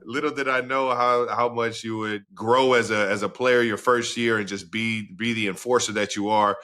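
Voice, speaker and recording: A man co-hosting a podcast who retells a memory in a casual, excited way. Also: on the low side, normal speed. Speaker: podcast co-host. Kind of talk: casual chat.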